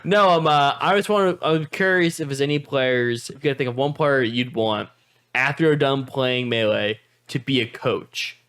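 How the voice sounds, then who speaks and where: A man's voice: medium pitch, moderate pace, fairly bright tone, clear, resonant tone. A man co-hosting a casual podcast chat, joking and teasing the others. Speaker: podcast co-host.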